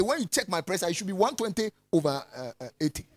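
A man preaching a lively sermon, swinging from loud calls to soft asides and laughing often. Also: sits high, fast, hardly any pauses.

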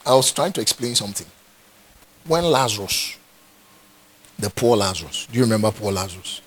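Husky Ghanaian man preaching emphatically. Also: lowish voice, animated, fairly quick. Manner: emphatic, repeats phrases for stress. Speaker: pastor. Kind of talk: sermon.

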